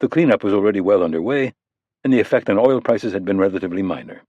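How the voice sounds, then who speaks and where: Man, audiobook narrator, measured steady narration, husky, deep-ish. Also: no echo, dull audio. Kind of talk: scripted narration.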